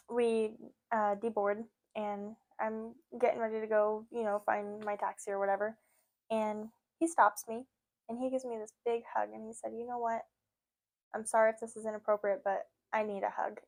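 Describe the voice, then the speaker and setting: A woman hosting a podcast, sharing her faith in an earnest, emotional, chatty way with lots of fillers. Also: mid-range voice. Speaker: podcast host. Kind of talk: casual faith talk.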